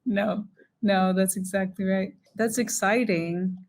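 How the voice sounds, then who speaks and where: A woman's voice: mid-range voice, steady tone, slow, a little mellow. A woman hosting a casual interview, affirming and encouraging her guest. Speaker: host.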